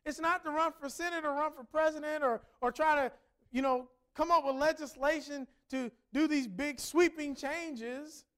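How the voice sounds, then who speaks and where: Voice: high voice, normal speed, fairly bright tone. A preacher on a livestream, earnestly retelling a story in a conversational way and often repeating words as they go. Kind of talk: livestreamed sermon-style storytelling.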